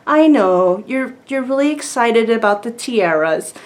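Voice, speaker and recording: A woman putting on a British accent to play a calm parent gently scolding a small child. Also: on the high side, unhurried, slight background noise. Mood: gently firm. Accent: British, put on. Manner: calm, patient, gently firm.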